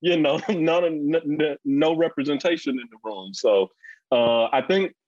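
A man in his forties with a Mississippi accent, a guest in a casual interview who tells stories bluntly and talks fast. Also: on the high side, no room sound. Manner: blunt, animated storyteller, fast-talking. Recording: dull lo-fi dry recording.

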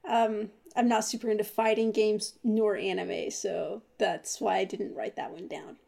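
A woman co-hosting a casual podcast, giving short, low-key replies. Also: fairly even intonation, a little slow, gravelly, mellow. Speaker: podcast co-host. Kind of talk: casual chat.

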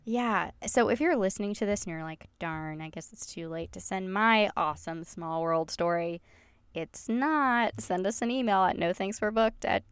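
A woman's voice: medium pitch, normal speed, clear, resonant tone, dry recording. A woman with a Southern American accent co-hosting a podcast, chatting in a gushing, friendly way and reading listener emails aloud. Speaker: podcast co-host. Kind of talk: casual chat.

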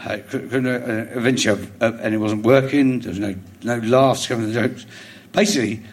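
A man's voice: mid-range voice, fairly even intonation. Rambling London man telling a story. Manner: rambling storyteller, halting restarts, chuckles through his stories. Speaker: comedian guest. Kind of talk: live stage interview, telling an anecdote. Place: stage before a live audience.

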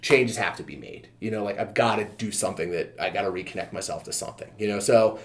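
A man's voice: fairly low pitch, fast. A man in his thirties, a fitness trainer and podcast guest, telling his own story in a candid, casual way, full of fillers and easy swearing.

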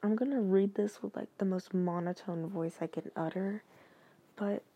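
A woman's voice: mid-range voice, steady tone, moderate pace, dark tone, breathy edge, highs cut off. A woman hosting a casual copypasta reading, talking hesitantly with many fillers and asides.

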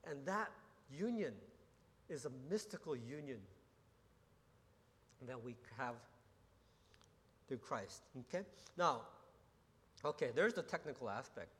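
A man's voice: mid-range voice, expressive, slow pace, long pauses, a bit bright. A man preaching a sermon as pastor, teaching earnestly with restarts and rhetorical questions. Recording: long hall reverb.

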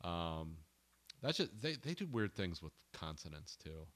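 Low-voiced man in casual podcast chat. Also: very animated, unhurried, fairly bright tone. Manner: rambling, hesitant, trails off. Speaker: podcast co-host. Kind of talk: casual film discussion.

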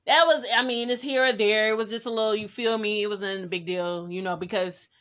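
A young woman with a Bay Area accent, hosting a podcast and telling a personal story in a candid, animated way, talking straight to her listeners. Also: mid-range voice, fairly quick. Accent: San Francisco Bay Area. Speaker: podcast host. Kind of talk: casual storytelling.

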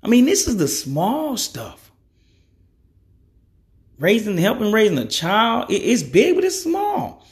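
A man's voice: sits high, very animated, slow, long pauses. A man in his thirties giving his opinions in a blunt, conversational monologue, cussing freely and leaning on "you know.". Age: 30s. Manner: frequent "you know" fillers. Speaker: podcast host.

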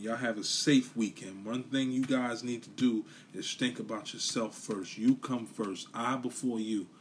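Blunt, profane New podcast host. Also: male voice, fairly low pitch, a little hiss or hum. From New York City. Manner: blunt, profane, repetitive ranting. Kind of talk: casual solo commentary.

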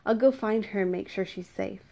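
A woman's voice: medium pitch, moderate pace, gravelly, warm tone, lightly acted. Woman reading as a frantic, pleading father. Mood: defeated. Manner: urgent, pleading. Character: frantic worried father, a man in service.

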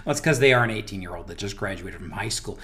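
An American man hosting a business interview, animated and full of restarts, leaning hard on stressed words. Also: on the low side, quick pace. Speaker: business owner and host. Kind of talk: conversational interview.

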